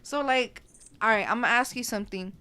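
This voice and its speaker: Smooth-voiced woman podcast host. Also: fairly high pitch, fairly quick, sharp tone. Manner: laughing, cursing, teasing. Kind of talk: casual chat.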